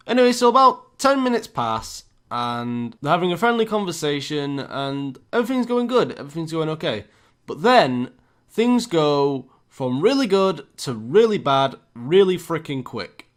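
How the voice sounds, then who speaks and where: A young British man telling a story to his viewers in a casual, chatty flow, full of asides. His voice sits a little high for a man. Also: sing-song, moderate pace. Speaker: storytime YouTuber.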